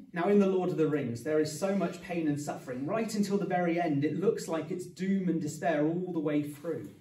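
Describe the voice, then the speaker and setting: A man preaching, earnest and explaining each point, with a dash of dry humour. His voice is mellow and sits somewhat high, caught from a distance. The sound rings around an echoey church hall. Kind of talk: sermon.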